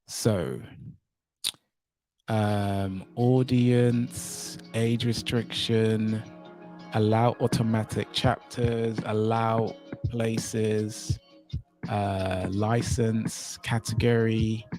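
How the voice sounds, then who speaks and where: A man's voice: lowish voice, flat delivery, very slow, dark tone. A man from Saint Kitts and Nevis hosting a casual live stream, rambling and thinking aloud as he fiddles with his settings. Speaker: livestream host. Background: faint music.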